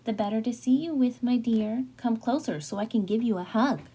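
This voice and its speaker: A woman voicing a sly, smooth-talking male wolf who speaks with mock politeness in a storybook reading. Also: a little high, brisk, dark tone. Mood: sweet menace. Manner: honeyed, mock-courteous, lingering words.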